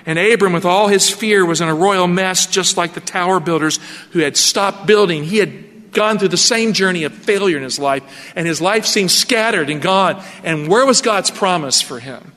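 A male pastor delivers a sermon, retelling scripture with dramatic, storytelling flair. His voice is bright and forceful. A long reverb from a large hall trails his words. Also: sits high, normal speed.

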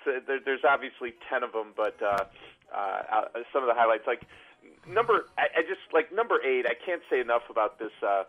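A man's voice: medium pitch, expressive, a little fast, phone-quality sound. A man calling into a radio show as a regular guest, chatting with enthusiasm and rambling through many fillers. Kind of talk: casual on-air chat.

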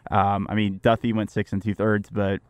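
Smooth-voiced young sports co-host. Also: male voice, fairly low pitch, level tone, a little mellow, dry recording. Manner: stat-heavy, measured. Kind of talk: casual sports talk radio chat.

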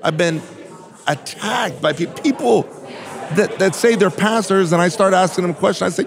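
A man's voice: high-pitched, moderate pace, creaky. A pastor, a man, speaking in an interview with fiery, preacherly emphasis. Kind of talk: casual interview talk. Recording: crowd chatter behind.

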